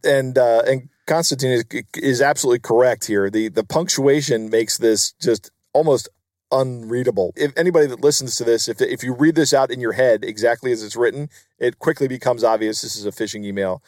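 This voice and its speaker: A man's voice: medium pitch, a little fast, a little mellow, no room sound. Guy cohost explaining scams plainly, dry close mic. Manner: plain, matter-of-fact explaining. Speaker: podcast co-host. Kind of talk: casual podcast chat.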